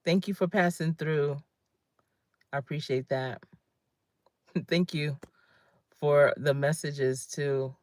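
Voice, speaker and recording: Emphatic woman coach with a low voice. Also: steady tone, takes it slowly, pauses often, a little mellow, no echo, studio quality. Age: 50s. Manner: emphatic, conversational, greets viewers by name. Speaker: career coach. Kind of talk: motivational livestream talk.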